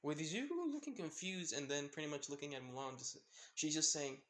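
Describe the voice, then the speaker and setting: A man's voice: on the high side, animated, a little fast, a bit bright. A man casually retelling a fan-made story in a rambling way, with lots of fillers and restarts.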